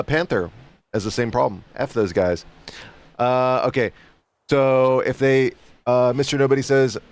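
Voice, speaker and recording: A man's voice: mid-range voice, clear, resonant tone. Rambling man streaming games. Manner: rambling, repetitive, chuckling asides. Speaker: game streamer. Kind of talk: casual livestream commentary.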